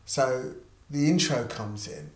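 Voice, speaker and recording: This is a middle-aged man, a musician and artist manager, telling a story in an interview with a slow, mid-range voice. Animated throughout, he acts out how each person in the tale sounded. There's a roomy echo and a little background noise.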